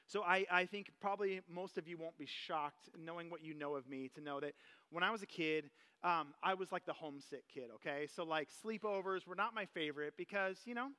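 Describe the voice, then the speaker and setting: Man, pastor, casual sermon, conversational, high voice. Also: a little fast, smooth. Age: adult parent. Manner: conversational, animated, personal anecdotes.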